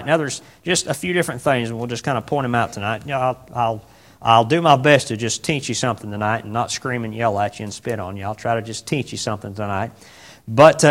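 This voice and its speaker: This man delivers a rambling sermon full of fillers and pauses, sometimes breaking into loud, emphatic bursts. His pitch sits in the middle range.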